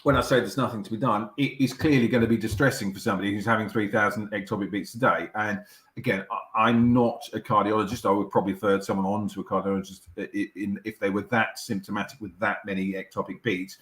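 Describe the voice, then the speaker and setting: A middle-aged doctor with a low, steady voice explains things patiently over a video call. He is measured and reassuring, often restarting his sentences. The sound carries a noticeable room echo. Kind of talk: explaining as an interview guest.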